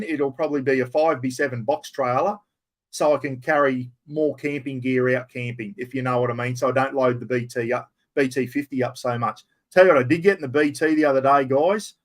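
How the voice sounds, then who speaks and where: An older Australian man answering viewers' chat questions on a live stream, blunt and blokey, swearing casually and calling everyone mate. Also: mid-range voice.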